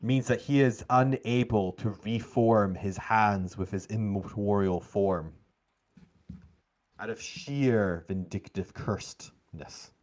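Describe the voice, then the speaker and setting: Low-voiced guy running a tabletop game, slow dramatic narrating. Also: darkish tone. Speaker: game master.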